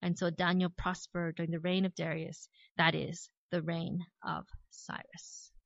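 An Australian woman preaching a sermon, retelling a Bible story with lively storytelling and casual asides. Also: on the low side, measured pace, creaky, dry recording. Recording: dry, slightly dull recording.

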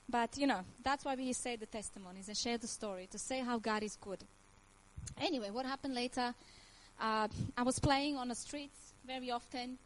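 A woman's voice: fairly high pitch, moderate pace, slight background noise, low-quality recording. Croatian woman giving a heartfelt testimony. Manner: earnest, emotional, laughs often, nonnative grammar. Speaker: testimony speaker. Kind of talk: personal faith testimony.

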